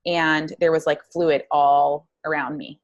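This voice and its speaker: A woman guest telling her own story in an interview, earnest and halting, with many fillers. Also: low-pitched, little pitch movement, highs cut off. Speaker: guest psychologist.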